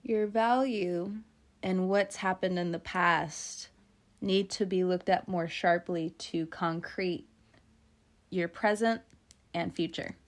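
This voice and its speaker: A woman with a slightly low voice gives a casual tarot reading. She talks in a loose, chatty way, playful and quick to laugh, dropping the odd swear word. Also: fairly even intonation. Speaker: tarot reader.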